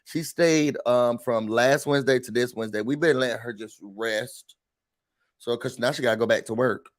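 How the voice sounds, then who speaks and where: A man's voice: medium pitch, moderate pace. A man hosting a casual morning commentary show, chatty and joking, acting out little scenes as he talks. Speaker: host.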